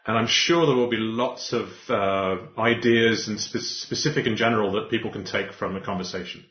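Over echoey, muffled remote audio, a man with a lowish voice hosts a podcast interview at normal speed. His talk meanders, with frequent restarts and plenty of laughter.

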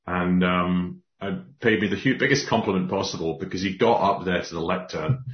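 A man with a very deep voice spins a story in casual conversation, restarting his sentences as he warms up. The sound is roomy and a little dull, like a remote call. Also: normal speed. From Scotland. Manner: animated storyteller, many restarts. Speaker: podcast guest.

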